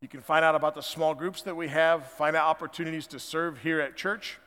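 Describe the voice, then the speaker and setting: Pastor, fifties, American accent; pitched high, casual folksy sermon delivery, hall reverb. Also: male voice, fairly even intonation, brisk, pushed and bright. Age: 50s. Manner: conversational, chatty and folksy. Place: church sanctuary.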